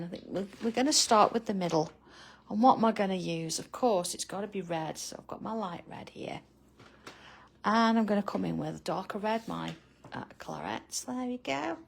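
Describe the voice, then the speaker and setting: A woman's voice: medium pitch, gravelly, slight background noise. A middle-aged woman hosting a live drawing tutorial, chatting casually with viewers by name and laughing often. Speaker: art tutorial host.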